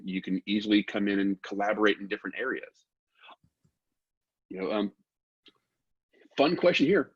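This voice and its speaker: A man from Texas, a guest expert, explaining technical matters in a relaxed, informal way and asking rhetorical questions. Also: lowish voice, breathy edge, lo-fi sound.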